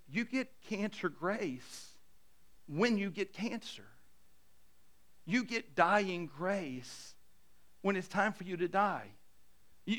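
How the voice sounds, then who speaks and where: A middle-aged male pastor with a high-pitched voice preaches a conversational sermon. He often repeats his opening words and drops to a hushed voice to stress a point.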